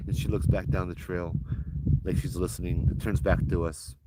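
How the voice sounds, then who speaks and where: A man, casually telling a ghost story and acting out the dialogue in an animated, chatty way. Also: deep voice, moderate pace. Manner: animated, conversational, acts out dialogue. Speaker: storyteller, show host. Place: outdoors at an old temple site. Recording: loud background noise.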